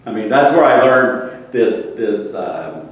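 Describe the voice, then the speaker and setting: A man's voice: lowish voice, lively intonation, takes it slowly, recorded from a distance. Rambling, swearing man in an echoey room. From Seattle area. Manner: rambling, profane, laughs often. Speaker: show regular, storyteller. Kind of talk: casual storytelling chat. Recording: roomy echo, from off mic, faint noise.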